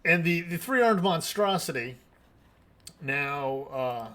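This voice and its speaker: A man narrating combat as game master of a tabletop game, in a deliberate, measured way. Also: a little high, expressive, bright, forceful tone.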